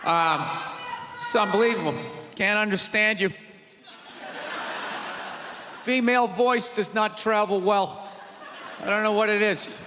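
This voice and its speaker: Ranting stand-up comic in a big theater. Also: male voice, high-pitched, normal speed, slight background noise. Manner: loud, ranting, exasperated delivery. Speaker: stand-up comedian. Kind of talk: stand-up comedy set. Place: large theater stage with live audience. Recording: live theater recording with long reverb and crowd.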